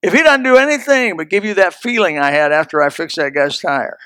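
Folksy preacher man telling stories in his sermon, pretty high voice, dry mic. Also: brisk, pushed and bright, smooth, no echo. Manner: folksy storytelling, emphatic. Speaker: pastor.

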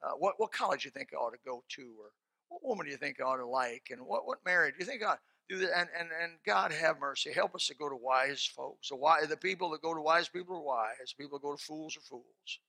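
A man preaching a sermon in a folksy, colloquial way, breaking into sudden shouts. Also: a little high, fast, creaky, no echo. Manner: folksy and animated, bursting into shouts; plain colloquial speech. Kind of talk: sermon with closing prayer.

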